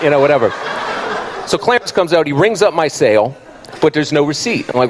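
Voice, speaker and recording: A man doing an animated stand-up comedy routine on a club stage, acting out every character. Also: fairly high pitch, fast talker, a little hiss or hum. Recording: live stage with crowd laughter.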